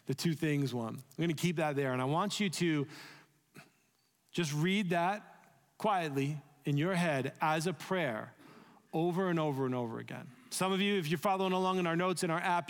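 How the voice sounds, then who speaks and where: A man preaching a sermon as pastor, earnest and conversational, easing into a soft voice when he leads a prayer. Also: on the high side. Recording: echoey hall, long reverb.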